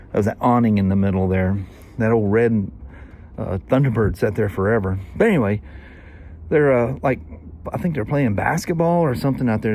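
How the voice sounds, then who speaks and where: A man's voice: on the low side, darkish tone, slight background noise. A man in his sixties with a Southern US accent, telling a long, rambling story in casual vlog chat, full of "you know" and "anyway". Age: 60s. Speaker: vlogger.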